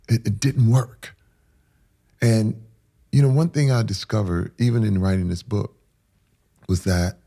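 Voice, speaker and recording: A middle-aged man, a podcast guest, telling an emotional personal story with intensity, acting out what people said. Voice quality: deep gravelly voice. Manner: intense, acts out quotes, swings between hushed and loud.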